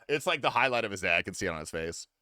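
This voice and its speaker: A man's voice: on the low side, sing-song, fast, pushed and bright, no room sound. A young adult man streaming a game, talking casually with loose, profane, teasing banter to his chat on a close desk mic. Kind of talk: casual gaming livestream commentary.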